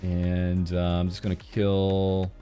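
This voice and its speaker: A man's voice: low voice, monotone, takes it slowly, warm tone, soft background music. A man casually commenting over clips as host of a news show, rambling with many uhs. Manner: rambling, full of uhs and laughs.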